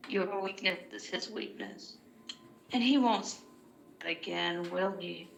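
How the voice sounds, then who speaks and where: A woman voicing a female adventurer who mockingly taunts a villain over a sending stone, in a sarcastic, drawn-out manner. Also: lowish voice, gravelly, a little hiss or hum. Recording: echoey room recording.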